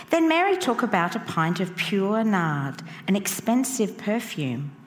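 A woman reading scripture aloud in church, slow and measured. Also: on the low side, slight background noise. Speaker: scripture reader. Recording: roomy hall with faint ambience.

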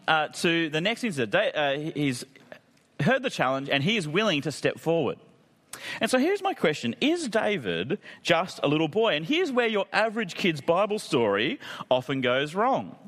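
Lively man preaching in a hall. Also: on the high side. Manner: conversational, jokey asides. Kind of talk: sermon. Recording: long reverb of a hall.

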